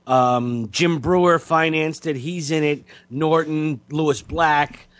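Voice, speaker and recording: A man hosting a talk show, telling a story in casual chat, halting with repeated words and fillers. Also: fairly high pitch, steady tone, dry recording. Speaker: radio show host.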